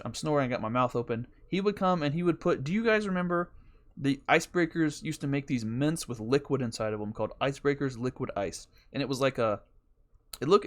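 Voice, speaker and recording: A man hosting a podcast, telling a rambling, profane story in a casual way. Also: mid-range voice. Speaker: podcast host.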